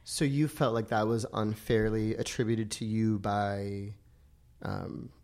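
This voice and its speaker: A woman's voice: a bass voice, fairly even intonation, slow pace, a little mellow. A woman hosting a casual podcast interview, laughing easily and asking encouraging questions. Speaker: podcast host.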